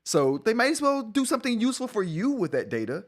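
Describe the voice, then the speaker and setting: A man's voice: sits high, very animated, quick pace. Rambling middle-aged man hosting a live stream. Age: 40s. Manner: rambling, self-correcting, laughs often. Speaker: tech show host. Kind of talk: casual live stream chat.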